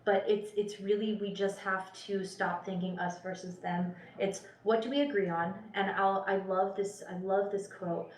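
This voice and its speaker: A woman's voice: medium pitch, steady tone, moderate pace, hardly any pauses. Chatty woman in a roomy room. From Spokane County, Washington, US. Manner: earnest, chatty, many fillers and restarts. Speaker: policy expert guest. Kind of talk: casual panel conversation. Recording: roomy room, mic at a distance.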